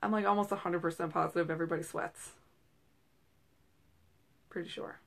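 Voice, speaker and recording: Woman in her thirties, casual chatty host, rambling, fillers, slightly low voice. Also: fairly even intonation, very fast, creaky. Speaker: host and direct seller. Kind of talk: casual chat. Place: small room at home.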